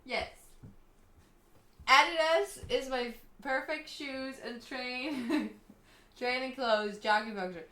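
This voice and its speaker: A young woman streamer chats in a giggly, unhurried way. Her voice is bright and a bit high, and the room around her sounds echoey. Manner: giggly, chatty, reads chat aloud. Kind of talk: casual live-stream chat.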